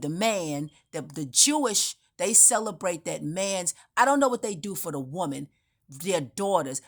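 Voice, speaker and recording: Woman, lowish voice, unscripted spiritual monologue, meandering, emphatic, restarts often. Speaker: spiritual speaker.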